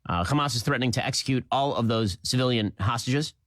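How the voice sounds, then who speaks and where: A man hosting a political commentary show, delivering a rapid, emphatic, indignant monologue with repeated phrases. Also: medium pitch, a bit bright, dry recording.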